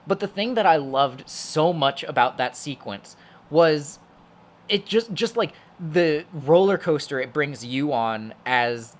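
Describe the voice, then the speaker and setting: A man's voice: fairly high pitch, lively intonation, slow. A young man co-hosting a podcast, chatting casually about a horror movie in a rambling, filler-heavy way with plenty of swearing. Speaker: podcast co-host. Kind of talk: casual movie review chat.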